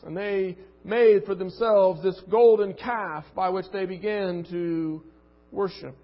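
A man's voice: sits high, fairly even intonation, takes it slowly. A man preaching a sermon and reading scripture aloud, earnest and emphatic, repeating words as he builds a point. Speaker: pastor. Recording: muffled recording with long reverb.

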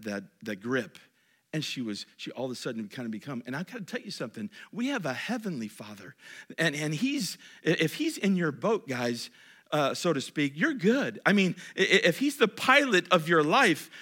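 A male pastor preaching a sermon. He is emphatic, swinging from loud, high peaks down to quiet asides, and he repeats key phrases with frequent restarts.

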